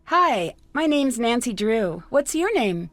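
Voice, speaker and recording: Curious girl detective, dry close studio sound, slightly high. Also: takes it slowly, no room sound, faint music behind. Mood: inquisitive. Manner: inquisitive, even questioning. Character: curious young woman detective. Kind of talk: video game voice acting.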